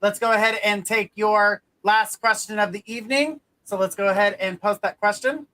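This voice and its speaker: A man's voice: high-pitched, fairly even intonation, normal speed, heavy background noise. A man hosting a live stream, upbeat and talking straight to the viewers. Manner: upbeat, addresses viewers directly. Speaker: host.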